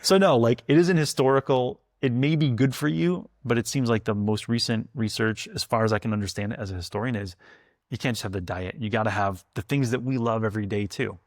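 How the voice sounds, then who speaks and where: A man speaking as a food historian guest, telling anecdotes in a chatty, animated way. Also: medium pitch, fast talker, no room sound, clean studio sound. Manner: chatty storyteller, animated and laughing. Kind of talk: casual conversation.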